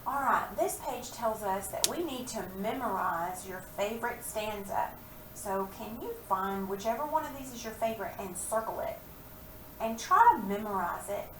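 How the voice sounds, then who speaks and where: A woman teaches children phonics and reading, slowly and patiently stretching out words and sounds. Her mid-range voice is expressive but distant from the mic in an echoey room with background noise.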